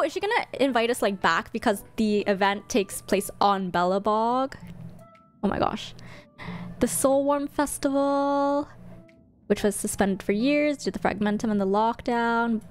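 A young woman streamer chatting casually while reacting to a game, excitable and chatty. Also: mid-range voice, normal speed, faint music behind.

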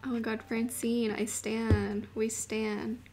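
A young woman streaming a video game, chatting casually and gushing excitedly, dropping to murmurs and rising to squeals. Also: a little high, slow pace, vocal fry, a little hiss or hum. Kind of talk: casual live-stream chat while gaming.

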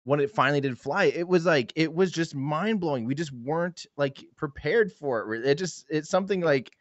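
A man's voice: a little high, moderate pace, dry recording, highs cut off. A man joining a live show as a guest, chatting in an enthusiastic, rambling way over a video call. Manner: enthusiastic and rambling, many fillers. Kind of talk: casual live-show chat. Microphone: desktop mic on a video call.

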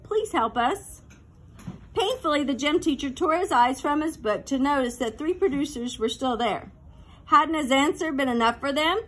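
A woman reading a children's novel aloud as narrator, with clear, lively storytelling. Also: high-pitched, normal speed.

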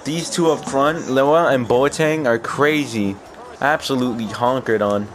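A young man giving excited live commentary while playing a football video game, cheering his players and laughing often. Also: mid-range voice, moderate pace, slight background noise. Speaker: gaming YouTuber.

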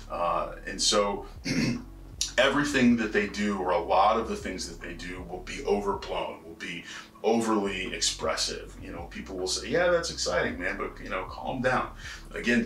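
Man, college instructor, casual lecture, low pitch, distant mic, echoey room. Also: pushed and bright. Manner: conversational, frequent "right?" and "uh" fillers. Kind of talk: recorded lecture. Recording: roomy, distant mic with faint noise.

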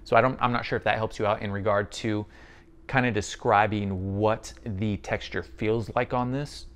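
A man's voice: lowish voice, steady tone, moderate pace, fairly bright tone, slight background noise. A man giving a casual, chatty product review, friendly and thinking aloud with the odd filler.

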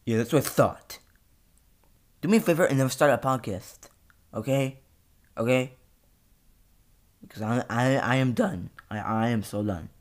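A man's voice: medium pitch, normal speed, pauses often, close to an everyday voice. A man voicing his own sulky, resentful twin brother in a comedy skit, whiny and argumentative. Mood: indignant. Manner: whiny and argumentative, escalating to yelling. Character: sulky, resentful twin brother who won't get along.

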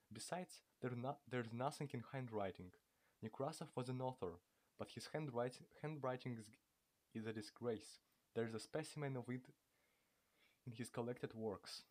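A man's voice: medium pitch, moderate pace, darkish tone, close to an everyday voice. A man reading aloud and voicing a boastful young male writing master with a self-assured manner.

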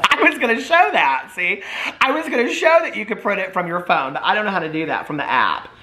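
A man's voice: high-pitched, very animated, a little fast, pushed and bright, echoey room. A man chatting casually to camera at home, rambling and self-deprecating with frequent laughs. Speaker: vlogger. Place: at home, room with ring light.

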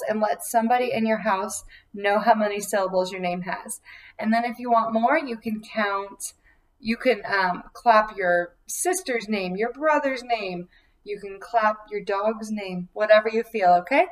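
A young woman teaching a preschool circle time from home, talking slowly and clearly in a sing-song way for small children. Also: medium pitch, far from the mic, a little hiss or hum, rough recording.

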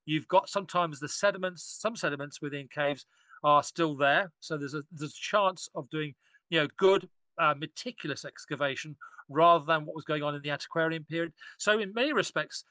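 A man's voice: on the high side, brisk, pushed and bright, dry recording. A man, an archaeologist guest on a podcast, talking enthusiastically and rambling with frequent restarts. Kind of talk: casual podcast discussion.

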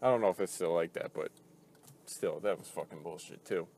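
A gaming video host rants casually and profanely about a video game, frustrated and rambling with lots of fillers and restarts. His voice is low-pitched, husky and a little mellow, and he talks fairly quickly.

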